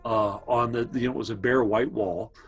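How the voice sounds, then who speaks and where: Poor audio carries a steady, medium-pitched male voice with a breathy edge, moving at normal speed. He is recounting family stories to his brother casually, drifting off on tangents and speaking directly to him now and then.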